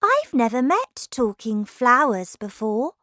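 A woman's voice: on the high side, sing-song, takes it slowly, fairly bright tone, no echo, clean studio sound, voice pushed up, heavily acted. A woman doing a wide-eyed, curious little girl. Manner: eager, wide-eyed and polite. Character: curious, polite young girl. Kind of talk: storybook reading.

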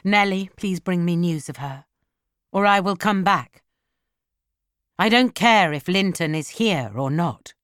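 A woman reading an audiobook and voicing a brooding, heartbroken young man, speaking low and reproachfully. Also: lively intonation, unhurried, pauses often, a bit bright, clean tone, no room sound, clean studio sound. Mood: anguished.

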